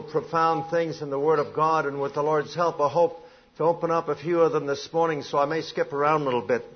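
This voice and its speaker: A husky-voiced man preaching, his tone pitched a little high as he quotes scripture and presses his point. He clears his throat now and then. The recording is dull and lo-fi. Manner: preaching with rising emphasis, quoting scripture. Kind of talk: sermon.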